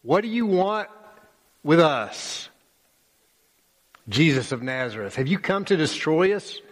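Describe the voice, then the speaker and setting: A man's voice: on the high side, sing-song, unhurried, long reverb tail, pitched above the performer's own voice. A man voicing unclean spirits that cry out in alarm and mockery, acting them out in a raised, taunting voice within a sermon.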